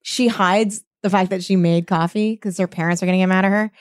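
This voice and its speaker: An excitable woman co-hosting a podcast, laughing and swearing as she chats. Her voice is mid-pitched and recorded dry and close. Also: brisk, no room sound. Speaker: podcast co-host. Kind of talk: casual chat.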